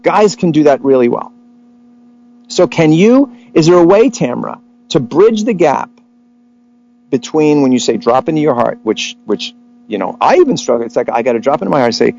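Animated man telling stories, lo-fi sound. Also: fairly high pitch. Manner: animated storyteller, acts out quotes. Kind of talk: casual chat about relationships.

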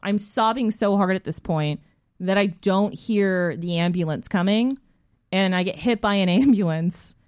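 A young woman tells a story in a casual chat, laughing often and acting out the voices of the people in it. Her voice sits at an ordinary pitch and is recorded dry and close. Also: unhurried, smooth, no room sound. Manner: animated, laughing storyteller who acts out quotes.

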